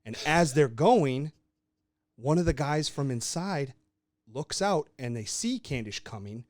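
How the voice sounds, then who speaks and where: A man's voice: medium pitch, lively intonation, unhurried, darkish tone, no echo. Laid-back young man telling a tale. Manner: loose, swearing, laughing storyteller. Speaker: podcast co-host. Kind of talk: casual chat, telling a made-up story.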